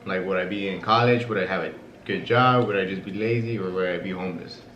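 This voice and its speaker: Deep-voiced laid-back young man. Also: fast, dull audio. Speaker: vlogger. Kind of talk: casual chat. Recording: echoey room, faint hiss.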